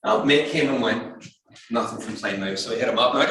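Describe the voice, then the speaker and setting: A man giving a storytelling talk to an astronomy club, lively and acting out the voices of other people. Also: fast, slight background noise. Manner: animated, acts out quoted voices in a higher pitch. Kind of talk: storytelling lecture. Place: community hall talk. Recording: very echoey hall, speaker far from mic.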